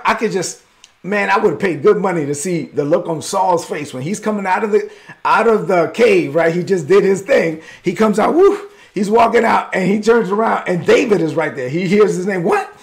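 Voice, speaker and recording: A man pastor preaching a sermon in a lively, conversational way with bits of slang. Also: high-pitched, moderate pace, gravelly.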